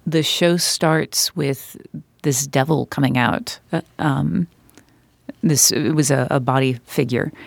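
Woman with a notably low voice, a podcast guest telling stories in a casual chat, full of ums and restarts. the recording is close and dry, with no room sound at all. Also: vocal fry, no echo. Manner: chatty storyteller, many fillers and restarts. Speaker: podcast guest, author and puppeteer. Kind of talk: casual conversation.

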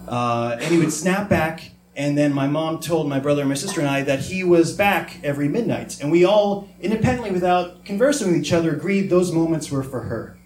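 Guy doing a funny family story live on stage, kinda high voice, does everyone's voices, echoey room. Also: brisk, hardly any pauses, darkish tone. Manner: comic, acts out family voices. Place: stage before a live audience.

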